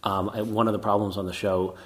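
A man, an actor guest, chatting casually in an interview with a self-mocking, relaxed manner and many fillers and restarts. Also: fairly low pitch, brisk. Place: castle in Scotland.

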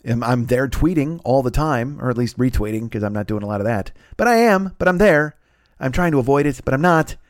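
A man's voice: medium pitch, animated, a little fast, dry recording, clean studio sound. A man in his forties hosting a comedy podcast, ranting in an exasperated, profane, rambling way with stammered restarts. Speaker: podcast host. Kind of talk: comedic rant.

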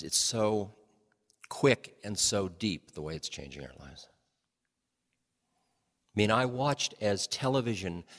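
Deep-voiced older man giving a talk. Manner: laughing, unhurried storyteller, shifting pace. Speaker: speaker on change and spirituality. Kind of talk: storytelling talk to an audience. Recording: long hall reverb.

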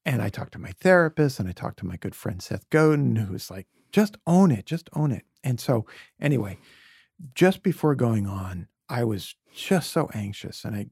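Brooklyn-raised guy, low raspy voice, earnest and reflective, talks soft sometimes. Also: animated, moderate pace, no room sound, studio quality. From Brooklyn, USA. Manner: reflective, heartfelt, drops softly to near-whisper at times. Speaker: podcast guest. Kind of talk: earnest conversational storytelling.

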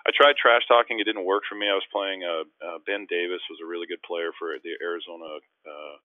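A man's voice: sits low, little pitch movement, fairly quick, dry recording. A man, a podcast guest, telling self-deprecating, rambling anecdotes with lots of restarts in a casual interview. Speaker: podcast guest, former basketball player. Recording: dry, tinny phone-like line.

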